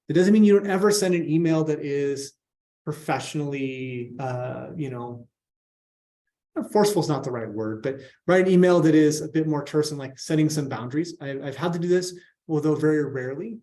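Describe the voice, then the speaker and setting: A man leads a professional skills workshop in an easygoing, conversational style. His voice sits a little high but sounds mellow and unforced. He keeps checking in with listeners, asking "right?" after his points. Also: a little fast. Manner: casual, repeats "right?" often. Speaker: workshop presenter.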